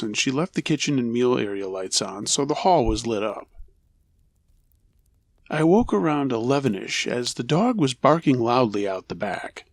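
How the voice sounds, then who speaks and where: A man narrating true scary stories in a low, steady storytelling voice. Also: vocal fry, dry recording.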